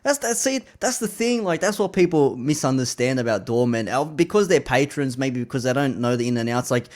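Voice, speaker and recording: A relaxed man talks loosely in casual conversation, cursing easily and breaking into laughter. His voice sits at an ordinary middle pitch. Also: a little fast. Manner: laid-back, swears freely, laughs often. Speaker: podcast host and DJ. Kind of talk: casual chat.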